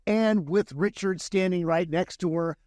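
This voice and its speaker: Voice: medium pitch, a little slow, darkish tone, no room sound, studio quality. A podcast co-host talking through a scene with enthusiastic analysis. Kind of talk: casual podcast chat.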